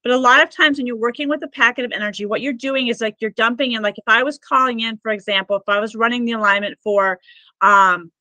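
A woman's voice: a little high, fast, sharp tone, dry recording, poor audio. A woman who works as a spiritual healer, telling stories as a podcast guest in an earnest, rambling way full of "like" fillers. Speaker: Akashic records practitioner and healer, podcast guest. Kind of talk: conversational podcast storytelling.

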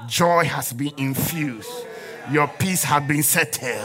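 Man preaching in church, bright voice, a bit high, calls out to the crowd and laughs on cue. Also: sing-song, moderate pace. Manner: call-and-response preaching, forced laughing. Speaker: prophet preaching to a congregation. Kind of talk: sermon.

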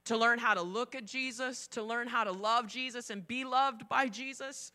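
A middle-aged woman pastor preaching a sermon, telling the story with energy and acting out the quotes, swinging between loud and soft. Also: on the high side, normal speed.

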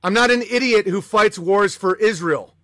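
High-voiced, profane male streamer. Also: normal speed, a bit bright, no room sound, clean studio sound. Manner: profane, combative, sarcastic. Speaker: livestream host. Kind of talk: ranting live-stream chat.

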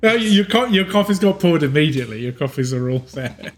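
A man narrating a tabletop game as game master, in a halting style full of fillers and restarts. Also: a little high, expressive. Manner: halting, full of "um" and "like", laughing often.

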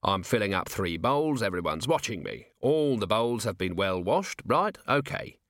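Guy doing a gruff watch commander, brisk and probing, lively up-and-down delivery. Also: on the low side, dry recording, studio quality. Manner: brisk, probing, impatient questioning. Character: gruff, sharp-minded male watch commander.

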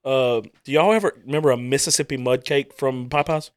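A man's voice: mid-range voice, a little fast. A man hosting a casual podcast, swearing casually and steering the talk between guests. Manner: laughs often, swears casually, steers the segment.

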